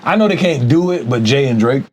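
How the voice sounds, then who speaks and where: A man co-hosting a casual podcast chat, animated, laughing often and talking over his partner. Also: mid-range voice, a little fast, breathy edge. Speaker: podcast co-host.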